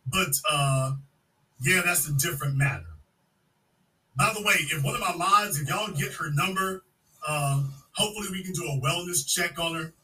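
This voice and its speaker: A man's voice: fairly high pitch, normal speed, sharp tone. A man hosting a call-in show, mocking and insulting a caller and talking over her. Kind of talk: combative call-in talk. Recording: voice distant from the mic.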